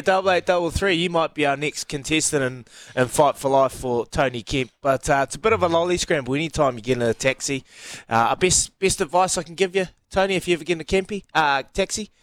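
A man's voice: a little high, fairly bright tone, no echo. A man with a New Zealand accent hosting breakfast radio with an upbeat, chatty welcome. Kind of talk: casual radio banter.

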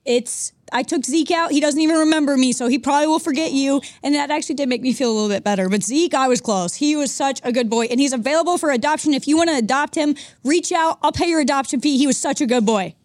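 Woman co-host, earnest storyteller, slightly high voice, dry studio sound. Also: fast talker, hardly any pauses, a little mellow, no room sound. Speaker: radio show co-host. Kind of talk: casual talk-show chat. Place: radio studio.

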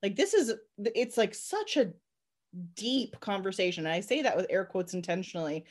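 A woman co-hosting a casual film review chat, sarcastic and animated, acting out scenes in mocking voices. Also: mid-range voice, moderate pace. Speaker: podcast co-host reviewing a film.

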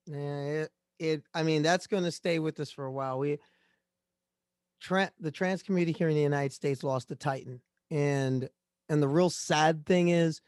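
A man co-hosting a podcast in a reflective, earnest way, his sentences stopping and restarting as he thinks. His voice sits a little high for a man, and the recording is dry and close. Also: darkish tone, dry recording. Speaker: podcast co-host. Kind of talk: casual podcast chat. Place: Connecticut, United States.

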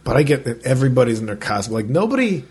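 A podcast co-host tells a casual story very fast in a medium-pitched, sing-song voice that's a little mellow and slightly rough. He's loose and profane, uses "like" constantly and acts out other people's lines.

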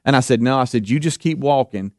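A man hosting a live radio show, telling a story in an animated way, repeating words and acting out what people said. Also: mid-range voice, quick pace, dry recording, clean studio sound. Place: radio studio.

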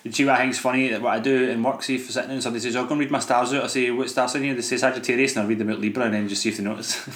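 A man's voice: medium pitch, fairly even intonation, a bit bright, echoey room. A Scottish man co-hosting a casual podcast, rambling through crude jokes and tangents. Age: older than 26. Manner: rambling, quick, crude humor. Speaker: podcast co-host.

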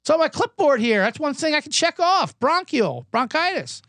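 A man's voice: very high voice, very animated, normal speed, a bit bright, dry recording, clean studio sound, voice pushed up, full character voice. A man voicing a breezy, overly cheerful male doctor at an urgent care clinic, who sounds scattered and pleased with himself. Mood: chipper.

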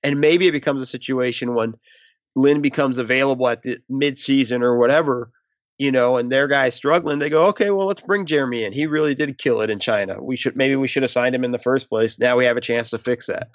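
A man's voice: medium pitch, steady tone, a little fast, no echo, dull audio. A man co-hosting a casual sports podcast, rambling and restarting his sentences as he talks. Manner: rambling, restarts often, self-aware about stuttering. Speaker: podcast co-host.

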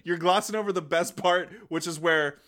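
Bright, eager man cutting in. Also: a little high, moderate pace. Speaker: podcast co-host. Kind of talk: casual chat.

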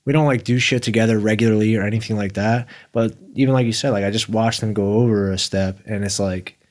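A man's voice: lowish voice, steady tone, quick pace, a little mellow. A man talking as a guest on a casual show about recovery, easygoing and swearing often. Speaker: podcast guest.

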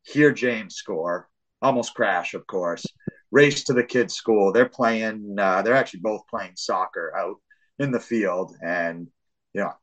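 Animated man telling a story. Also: fairly low pitch, unhurried, low-quality recording. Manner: animated storytelling, acts out shouts and voices of family; swears freely. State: hard of hearing. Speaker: podcast host. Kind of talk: casual sports chat.

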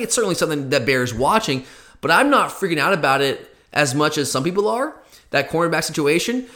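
Male podcast host, somewhat high voice, earnest solo explainer who circles back and repeats points. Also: a bit bright. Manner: earnest, repeats himself, talks directly to listeners.

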